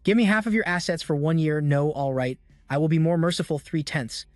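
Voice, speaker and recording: Cold blunt young male saint, curt, indifferent, higher tone, dry sound, man reading. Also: fairly quick, no room sound, faint music behind, lightly acted.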